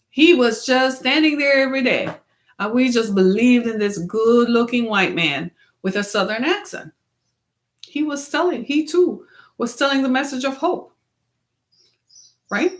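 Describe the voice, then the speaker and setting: A woman's voice: on the high side, fairly bright tone. Earnest woman host, preacher-like. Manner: earnest, preacher-like, asks the listener questions. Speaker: web series host. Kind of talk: motivational talk to camera.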